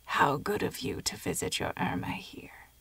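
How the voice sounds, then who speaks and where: A woman reading an audiobook story voices a frail, dying old grandmother who speaks in a weak, hoarse, hushed murmur. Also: fairly low pitch, a little slow, no room sound.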